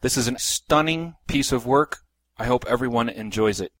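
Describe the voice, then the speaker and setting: Brief: male podcast host, steady scripted intro, dry close sound. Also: medium pitch, normal speed, no room sound, low-quality recording. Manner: plain, steady read of a prepared intro.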